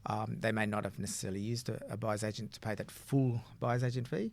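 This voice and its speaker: Guy, buyer's agent, chatty and rambly, quick delivery, dead dry sound. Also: fairly low pitch, steady tone, vocal fry, darkish tone, dry recording. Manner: rambling, explanatory, frequent "you know" fillers. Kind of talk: casual podcast chat.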